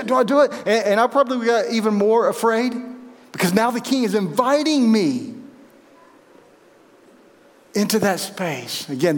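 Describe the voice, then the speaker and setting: High-voiced pastor preaching in a hall. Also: male voice. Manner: earnest, building to emphatic peaks, drops to soft intensity. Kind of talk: sermon. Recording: long hall reverb.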